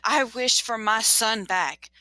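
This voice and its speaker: A woman's voice: a little high, takes it slowly, bright, forceful tone, no echo. A woman voicing a desperate grieving mother who pleads urgently.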